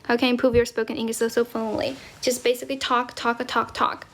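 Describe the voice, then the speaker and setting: Chatty young woman livestreaming, higher voice. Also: flat delivery, fast. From China. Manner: chatty, laughs often, thanks viewers for gifts. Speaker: livestream host. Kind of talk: casual livestream chat, mixing English and Chinese. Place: indoors, squatting while streaming.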